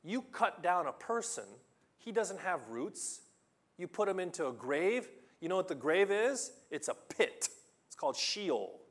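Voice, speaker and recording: Guy preaching slow and fired up, kinda high voice, stumbles over words when he gets excited. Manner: impassioned, rising to loud emphatic reading of scripture. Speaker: pastor. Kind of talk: sermon.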